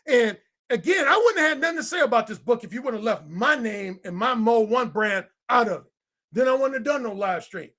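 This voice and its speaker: A man in his fifties with a high, swooping voice delivers a heated, profane rant. He hammers his points with emphatic repetition and speaks as a dating coach. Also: animated, fairly quick, sharp tone. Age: 50s. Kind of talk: heated monologue.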